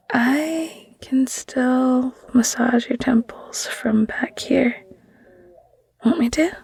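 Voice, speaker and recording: A woman's voice: on the high side, creaky, a little mellow, slightly rough. A young adult woman doing whispered role-play as a caring, teasing girlfriend comforting a sick partner. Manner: tender, teasing, giggly girlfriend talk. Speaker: audio role-play performer.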